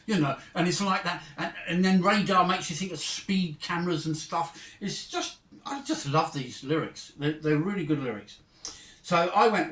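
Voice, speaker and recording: A man's voice: fairly high pitch, moderate pace, a bit bright, distant mic. Chatty man reviewing music, echoey room. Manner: chatty, digressive, enthusiastic. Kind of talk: casual spoken album review.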